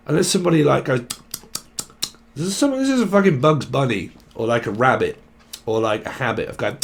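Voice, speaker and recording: A man's voice: medium pitch, lively intonation, moderate pace, creaky, long pauses, a little hiss or hum. A man giving a rambling, casual tarot reading, swearing and jumping between word associations. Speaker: tarot reader.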